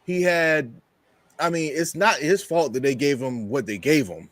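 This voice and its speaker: A man's voice: on the high side, measured pace, dry recording. A man co-hosting a wrestling review show, speaking hesitantly with many restarts in casual chat. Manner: hesitant, restarts often, laughs easily.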